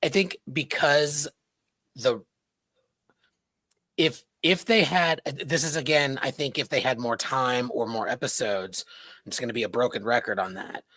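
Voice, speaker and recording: A man's voice: mid-range voice, measured pace, pushed and bright, no echo. Easygoing man in dry podcast chat. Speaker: podcast co-host. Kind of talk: casual chat.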